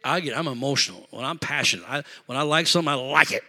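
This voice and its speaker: Middle-aged guy preaching in church, bright voice, animated and emotional, keeps saying y'all. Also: mid-range voice, fast talker. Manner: animated, emotional, talks to congregation with "y'all" and "amen". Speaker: pastor. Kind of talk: sermon storytelling. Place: church sanctuary.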